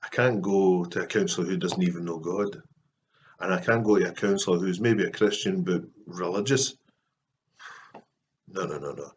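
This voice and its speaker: A Scottish man talking earnestly and softly to camera in a casual, heartfelt vlog, pausing often. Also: sits low, highs cut off, slight background noise. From Scotland. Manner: soft-spoken and earnest, with frequent pauses and fillers. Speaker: Christian artist vlogger.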